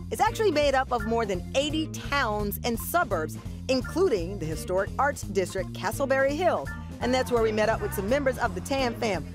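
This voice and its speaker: A woman talk show host reading scripted voice-over narration in a lively, upbeat way. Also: a little high. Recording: music playing under narration.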